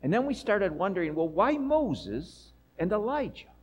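A man's voice: sits high, normal speed, a little hiss or hum, poor audio. A man playing an awed apostle eyewitness. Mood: storytelling. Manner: lively storytelling with chatty asides to listeners. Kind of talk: first-person dramatic monologue.

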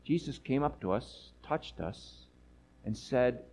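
A man's voice: medium pitch, slow pace, slight background noise, rough recording. A man playing an awed apostle eyewitness. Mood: storytelling. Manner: lively storytelling with chatty asides to listeners. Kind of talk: first-person dramatic monologue.

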